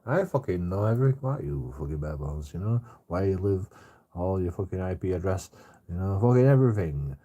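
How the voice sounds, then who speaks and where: A drunk man talks casually on a live stream in a deep, low voice. His tone is husky and a little rough. He swears freely and keeps slipping into laughter. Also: lively intonation, brisk, warm tone, highs cut off. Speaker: livestreamer reading out chat.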